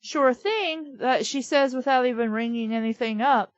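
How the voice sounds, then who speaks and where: A woman's voice: on the high side, fairly even intonation, brisk, no echo, lo-fi sound. A woman co-hosting a comedy reading show, reading fanfiction aloud and riffing on it in a blunt, sarcastic way with plenty of swearing. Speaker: podcast co-host reading fanfiction.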